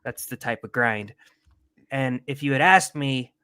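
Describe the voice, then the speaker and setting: A man's voice: mid-range voice, a little fast, sharp tone, clean tone. A man hosting a casual livestream, rambling with profane jokes. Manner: rambling, profane, joking asides. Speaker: podcast host.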